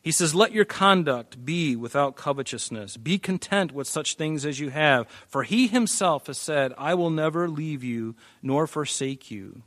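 A man's voice: on the high side, lively intonation, a little slow, hardly any pauses, dry recording. A man preaching a verse-by-verse Bible teaching, emphatic and repeating words as he drives a point home. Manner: emphatic, repeats words, varies loudness for stress. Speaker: pastor.

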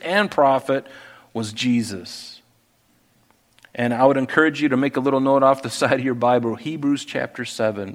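A man preaching a verse-by-verse Bible study, reading passages aloud and explaining them with lively emphasis and quieter asides. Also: medium pitch. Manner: animated, swings between loud emphasis and quiet asides. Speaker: pastor. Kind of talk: expository Bible teaching.

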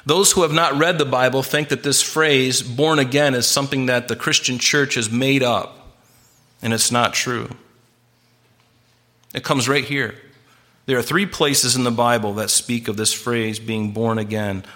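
A pastor delivers a sermon in an earnest, emphatic way, often restarting and repeating words for weight. His voice is bright and forceful, sitting at an ordinary middle pitch for a man.

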